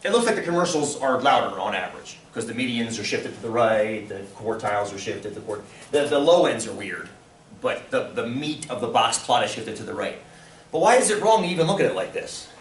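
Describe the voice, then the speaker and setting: A male statistics teacher with a high, very expressive voice that jumps around as he puts questions to his class. He is picked up from across a roomy, echoing classroom, with a faint hum of the space behind him. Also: a little fast. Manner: animated, asks the class lots of questions. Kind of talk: classroom lecture. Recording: roomy, from far off, faint room noise.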